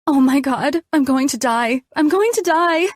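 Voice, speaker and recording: A frightened young patient, combative and desperate, voiced by a woman narrator. She pleads in a shrill, high voice pushed well above the narrator's own, loud and urgent. The sound is dry and close. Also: normal speed, no echo, lightly acted. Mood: terrified pleading.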